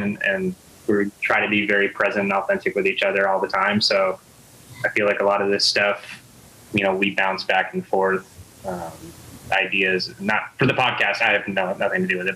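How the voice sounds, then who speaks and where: A man's voice: on the low side, bright, forceful tone, low-quality recording. A man guesting on a podcast, chatting in an easygoing, joking way. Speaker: podcast guest, spouse of a host. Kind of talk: casual chat.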